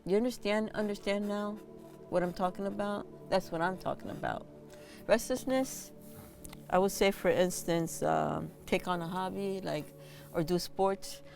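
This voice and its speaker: A woman's voice: medium pitch, steady tone, measured pace, vocal fry, a little mellow, faint music behind. A woman who hosts the show and works as a massage therapist, giving casual spiritual advice in a blunt, encouraging way and swearing now and then. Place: indoors, on a squeaky chair.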